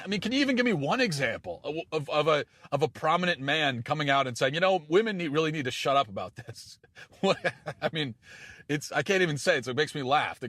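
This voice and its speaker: A man's voice: on the high side, a bit bright, no room sound. A man delivering a sarcastic, incredulous opinion monologue, often stumbling and restarting as he talks. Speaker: political commentator.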